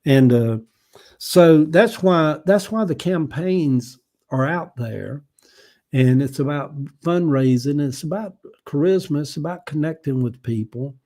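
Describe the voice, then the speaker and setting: An older man with a Southern US accent hosting a casual livestream, rambling folksy talk and often clearing his throat as he reads viewer comments. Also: fairly high pitch, lively intonation, measured pace, mellow. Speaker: livestream host.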